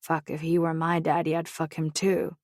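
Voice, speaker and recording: A woman's voice: deep voice, monotone, moderate pace, a little mellow, no room sound, clean studio sound, natural voice. Woman doing a brash, flirty brunette. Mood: crude. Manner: flirty, catty, crude.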